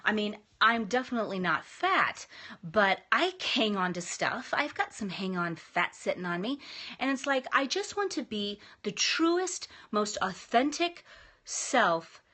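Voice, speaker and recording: A woman's voice: mid-range voice, very animated, measured pace, bright, forceful tone. A woman in her thirties giving a casual, emphatic motivational talk as a vlogger, chatty and upbeat with frequent restarts.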